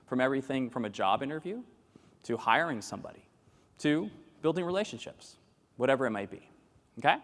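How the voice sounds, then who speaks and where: Man giving a keynote in a reverberant hall. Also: a little high. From Boston, United States. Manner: interactive, quizzes the audience with quick questions. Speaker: keynote speaker. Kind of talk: live keynote talk to an audience.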